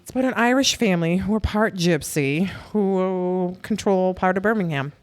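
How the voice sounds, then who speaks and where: A woman's voice: on the low side, moderate pace. A woman guest in a casual podcast chat, blunt and dismissive, laughing easily.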